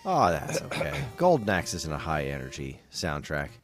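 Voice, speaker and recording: A man's voice: extremely low pitch, wildly swooping pitch, normal speed. A man hosting a video game music podcast, chatting in a playful, joking way. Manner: playful, jokey banter. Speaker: podcast host. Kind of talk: casual chat.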